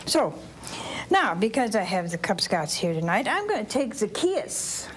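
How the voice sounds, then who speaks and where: A woman's voice: mid-range voice, measured pace, background noise. A woman preaching a sermon, retelling a Bible story in a chatty way and putting questions straight to her listeners. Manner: animated, chatty, quizzes the audience directly.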